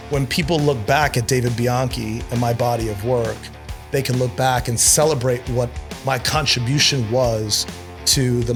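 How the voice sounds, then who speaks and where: A man being interviewed as an actor and producer, telling stories in a lively, profane way and acting out the people he quotes. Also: mid-range voice. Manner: animated, profane, acts out quotes. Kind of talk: casual interview storytelling. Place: studio with city view.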